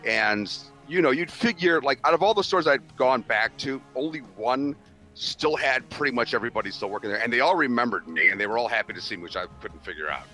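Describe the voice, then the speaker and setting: A man's voice: mid-range voice, fairly quick, soft background music. A man in his forties telling a long story in a casual chat, swearing constantly and acting out what people said. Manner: animated, swears constantly, acts out quoted voices.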